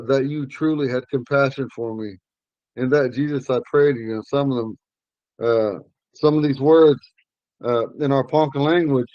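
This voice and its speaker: A man teaching a language class, explaining word meanings slowly and repeating key phrases. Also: medium pitch, no room sound, muffled recording.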